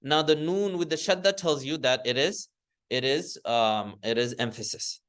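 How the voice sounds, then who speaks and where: A man's voice: medium pitch, normal speed, fairly bright tone. A man teaching an Arabic grammar class in a classroom, explaining step by step, often correcting himself and chanting word forms for students to repeat. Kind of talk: classroom lesson.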